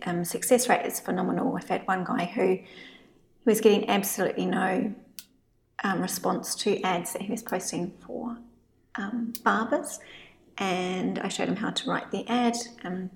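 A woman's voice: mid-range voice, gravelly, slight background noise, low-quality recording. An Australian woman co-hosting a casual podcast, talking chattily with lots of fillers and restarts as she gives salon business advice.

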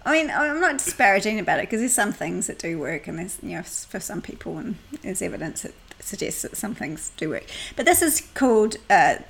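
A woman's voice: medium pitch, sing-song, brisk, gravelly, few pauses, a bit bright, slight background noise. A middle-aged woman co-hosting a podcast, telling stories in a chatty way and laughing often. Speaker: podcast co-host and salon business coach. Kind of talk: casual podcast chat.

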